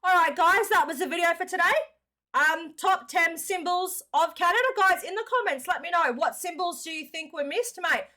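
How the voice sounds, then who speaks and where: An Australian woman hosts a casual reaction video, talking straight to her audience. Her voice sits high and sounds bright and forceful. She keeps calling her viewers mate. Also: normal speed. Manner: chatty, addresses viewers as mates.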